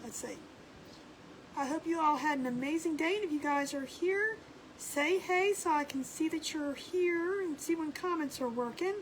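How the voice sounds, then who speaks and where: A woman's voice: high-pitched, normal speed, slight background noise, rough recording. A woman hosting a casual craft livestream, chatting and greeting viewers by name and laughing often. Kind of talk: casual live-stream chat.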